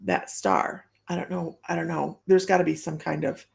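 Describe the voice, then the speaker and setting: A woman's voice with a gravelly, fry-edged texture, doing a psychic reading on a casual live stream. She talks in a loose, rambling way and laughs often between thoughts. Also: fairly low pitch, little pitch movement, brisk, darkish tone. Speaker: psychic medium.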